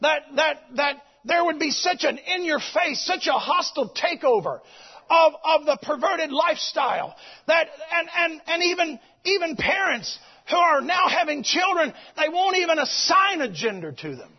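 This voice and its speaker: A man preaching a fiery sermon, with a shouting, preachy cadence. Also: extremely high pitch, animated, moderate pace. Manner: shouting, preachy cadence, quotes others in character. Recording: muffled lo-fi recording.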